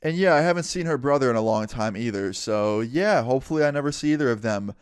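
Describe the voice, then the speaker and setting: A young man casually telling a storytime story to his viewers, animated and sprinkled with swearing. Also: medium pitch, quick pace, smooth, no room sound, studio quality. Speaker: storytime vlogger.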